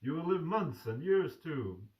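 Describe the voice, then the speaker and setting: A man's voice: on the high side, big pitch swings, a little slow, lo-fi sound, voice pushed up. A man reading aloud and voicing an old doctor who speaks in a matter-of-fact, blunt way. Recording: distant mic.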